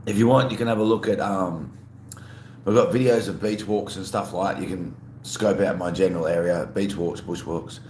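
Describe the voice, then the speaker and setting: This livestream host is an Australian man whose low, slightly mellow voice moves at a normal speed. Easygoing and rambling, he greets viewers, answers their chat messages out loud, and eats while he talks, in a space with roomy echo and faint hum.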